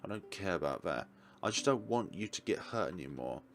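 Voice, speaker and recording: A man's voice: low voice, very animated, a little fast. A man voicing a tender young wolf. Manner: soft, reassuring.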